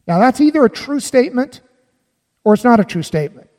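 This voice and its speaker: A man's voice: very high-pitched, expressive, brisk, darkish tone, long reverb tail. A man preaching a sermon as pastor, emphatic and often putting questions to his listeners.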